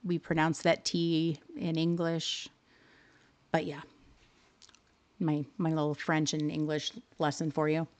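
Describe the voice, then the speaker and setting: A woman's voice: low-pitched, monotone, slow pace, long pauses. Chatty woman explaining game photo settings. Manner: chatty and explanatory, often rephrasing herself. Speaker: livestream host teaching game photo editing. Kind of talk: casual live tutorial.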